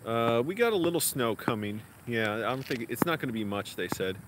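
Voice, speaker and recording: Chatty male vlogger, mid-pitch, rambling with fillers, clear city noise around him. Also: expressive, brisk. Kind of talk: casual vlog talk. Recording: outdoor street noise behind.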